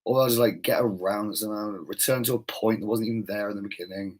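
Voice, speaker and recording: A man's voice: on the low side, fairly even intonation, quick pace, few pauses. A young British man hosting, ranting in a profane, digressive, exasperated monologue. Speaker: host.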